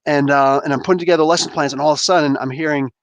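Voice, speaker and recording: A man in his thirties hosting a casual livestream chat from home on a headset mic, rambling and animated with lots of fillers and restarts. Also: fairly high pitch, racing, no echo. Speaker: livestream host. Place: home room. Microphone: gaming headset.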